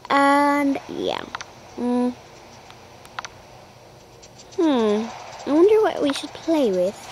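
A young girl casually commentating her pet game, rambling and chatty, cooing in a high voice at her puppy. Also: sing-song, slow pace, warm tone, slight background noise, poor audio. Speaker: gaming vlogger.

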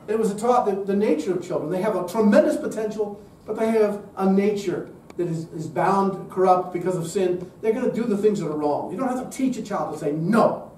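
A man lectures emphatically to a gathered audience and drives his points home with rhetorical questions. His voice sits high for a man but has a mellow, dark tone. He is picked up from a distance in a very echoey room. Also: brisk, hardly any pauses, a little hiss or hum. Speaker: speaker at a public event. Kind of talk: lecture-style talk.

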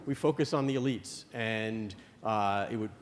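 A man moderating a conference panel as a journalist, halting and restarting his sentences as he thinks aloud. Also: lowish voice. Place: conference hall. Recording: long hall reverb, faint noise.

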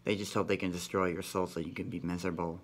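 A man's voice: low-pitched, flat delivery, quick pace. A man vlogging in a rambling, profane monologue, ending nearly every sentence with "man". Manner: rambling, repeats "man" constantly; profane, conspiratorial.

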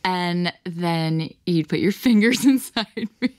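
A woman's voice: fairly low pitch, takes it slowly, darkish tone, smooth, no room sound, clean studio sound. A woman in an intimate late-night podcast chat, candid and giggly.

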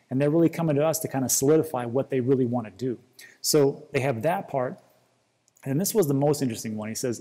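A man's voice: mid-range voice, creaky, dark tone, long reverb tail. A man hosting a casual crypto commentary, rambling and restarting often as he reads quotes aloud. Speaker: crypto video host.

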